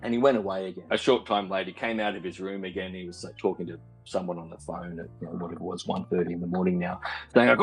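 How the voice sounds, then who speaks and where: A man's voice: deep voice, level tone, quick pace, husky, soft background music, rough recording. A man calling in and telling a long story, often repeating words and giving wry laughs. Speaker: caller. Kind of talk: casual storytelling on a call.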